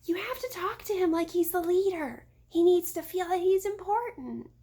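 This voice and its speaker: A woman voicing an excitable, eager little girl in a high, breathy voice while reading a storybook aloud. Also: normal speed. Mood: whispering.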